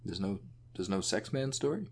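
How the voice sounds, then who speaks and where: A young adult man co-hosting a podcast in casual chat, trading deadpan wisecracks. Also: fairly low pitch, moderate pace, a little hiss or hum. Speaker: podcast co-host.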